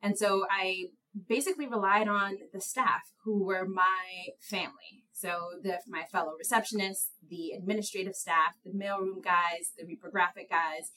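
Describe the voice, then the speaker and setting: A young woman, a guest in an interview, telling stories in an animated way with frequent laughter at herself. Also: normal speed, hardly any pauses, rough recording. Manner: animated storyteller, laughs at herself, high light voice. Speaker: guest, attorney. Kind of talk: conversational interview.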